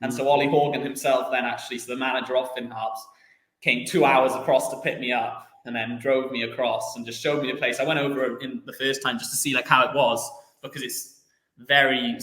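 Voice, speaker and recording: A man's voice: medium pitch, flat delivery, brisk, fairly bright tone, reverberant, rough recording. A young man, a footballer guest, telling stories in a casual chatty interview, rambling with lots of restarts and fillers.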